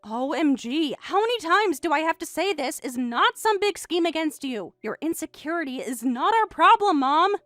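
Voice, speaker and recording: A woman's voice: sits high, lively intonation, moderate pace, hardly any pauses, a bit bright, dry recording, studio quality, soft background music. A woman playing a snippy bratty daughter. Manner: snippy, eye-rolling retorts. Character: bratty young adult daughter, dismissive and impatient. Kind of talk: text-message story voice acting.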